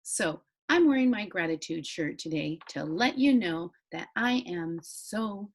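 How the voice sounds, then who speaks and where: A woman teaching an online phonics lesson to young children, sing-song and encouraging, spelling letters out slowly. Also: fairly low pitch, lively intonation. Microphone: computer mic, screen-share recording.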